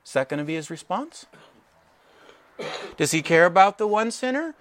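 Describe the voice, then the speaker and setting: A male pastor delivers a sermon, lively, briefly voicing the characters he talks about. His voice sits a little high for a man. The sound is dry and close, with no room echo. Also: moderate pace. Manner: animated, acts out characters in quoted voices.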